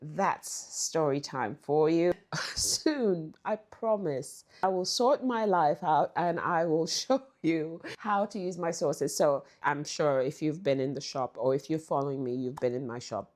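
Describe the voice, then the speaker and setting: A middle-aged woman with a low voice tells stories to her viewers in a loose, chatty way. She laughs often as she talks. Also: unhurried, darkish tone. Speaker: channel host. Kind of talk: casual storytelling.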